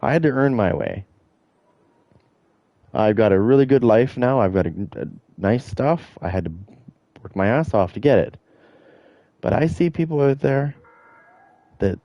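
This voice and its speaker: A man's voice: mid-range voice, expressive, a little slow, pauses often, no echo, lo-fi sound. A middle-aged man streaming a game, ranting in a blunt, profane, rambling way. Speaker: gaming streamer. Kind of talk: casual rant while streaming.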